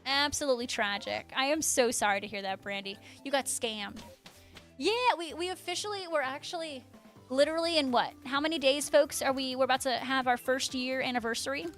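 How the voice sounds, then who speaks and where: A young adult woman with a high, brisk, slightly bright voice livestreams over faint background music. She chats casually with viewers and reads their messages in a bubbly, gushing way, saying their names aloud.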